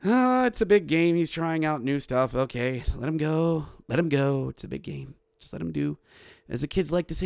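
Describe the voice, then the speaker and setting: A fairly high-voiced man recaps a hockey game in a loose, chatty way, calling each pass and then erupting into loud goal calls. He keeps cracking jokes at his own expense. The sound is dry and close, with no room around it. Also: a little fast, gravelly, no room sound. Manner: excitable, bursts into shouted goal calls; jokey, self-mocking asides. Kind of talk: casual game recap with play-by-play.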